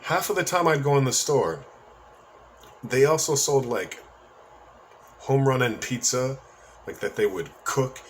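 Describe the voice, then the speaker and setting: A man's voice: mid-range voice, expressive, unhurried, pauses often, a little hiss or hum. A man telling a story from his own life in a casual, rambling monologue, with profanity and joking asides.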